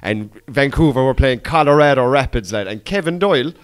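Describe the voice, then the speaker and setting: A man's voice: medium pitch, expressive, brisk, clean tone. A man, a podcast guest telling stories in casual chat, full of "lad" and "boy". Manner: storytelling, slangy, says 'lad' and 'boy'.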